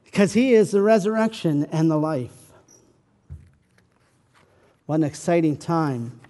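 A man preaching a sermon, swinging from loud pleading questions to soft, hushed comfort. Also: fairly high pitch, animated, measured pace, in a large hall.

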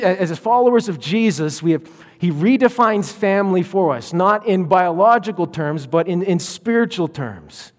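High-voiced pastor in a reverberant hall. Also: male voice. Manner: emphatic, slowing down for key lines. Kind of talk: sermon.

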